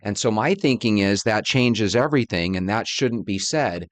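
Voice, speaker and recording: A man's voice: lowish voice, expressive, normal speed, no room sound. A man hosting a talk channel, introducing clips and commenting in a friendly, conversational way. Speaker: host. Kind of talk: casual commentary.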